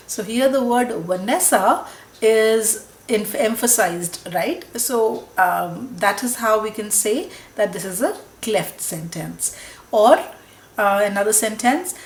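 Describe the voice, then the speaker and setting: A woman's voice: mid-range voice, animated, slow, reverberant. A woman teaching English grammar in a recorded lecture, explaining patiently with frequent "right?" checks and small self-corrections.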